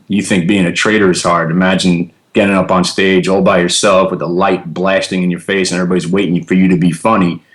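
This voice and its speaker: Deep-voiced New guy in his forties, lively storyteller. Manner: animated, laughing storyteller with many fillers. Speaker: guest, trader and comedian. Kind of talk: casual storytelling interview.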